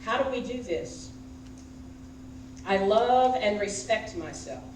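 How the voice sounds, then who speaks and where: A woman's voice: mid-range voice, animated, slow pace, noisy background. A woman minister giving a conversational sermon in a church and questioning the congregation directly. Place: church sanctuary. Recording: echoey hall, picked up from a distance.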